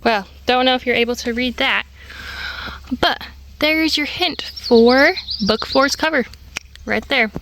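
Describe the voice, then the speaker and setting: A woman's voice: high voice, measured pace, fairly bright tone, a little hiss or hum. A young woman author chatting casually in a vlog, emotional and talkative, sometimes dropping to a whisper, in her morning voice. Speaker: author vlogger. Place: at home and outdoors.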